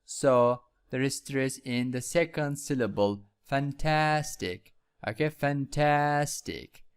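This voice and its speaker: A man's voice: mid-range voice, unhurried, clear, resonant tone. A man teaching English with a Vietnamese accent, going over vocabulary and repeating each word several times. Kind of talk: slow classroom lesson with repetition.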